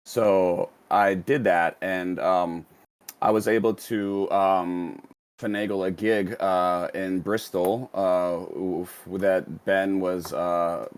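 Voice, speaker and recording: A man with a fairly low voice talks through a long story in a loose, casual way. He hesitates often, with plenty of fillers, restarts and trailing phrases. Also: steady tone, slow pace, clean tone. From United States. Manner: rambling, many fillers and restarts. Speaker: interview guest, DJ.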